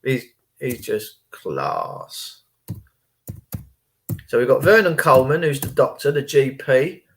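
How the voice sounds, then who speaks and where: A channel host talks in a rambling, chatty way, reacting to videos and recounting stories and phone calls in reported speech. His medium-pitched voice is slow, creaky, and fairly bright, with huge pitch swings and slight background noise.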